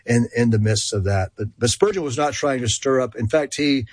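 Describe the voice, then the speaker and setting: A man from rural Georgia, USA, with a country accent appears as a guest expert on a call-in radio talk show, using many fillers and restarts. His mid-range voice is brisk with a darkish tone, and there's no room sound.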